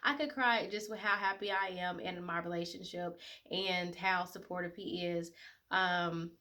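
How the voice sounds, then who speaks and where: Young woman, 20s, vlogger; bright, soft-spoken, sincere, loose casual delivery. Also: fairly low pitch, steady tone, a little slow. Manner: emotional, tearful at times, many fillers. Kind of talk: casual personal talk to camera.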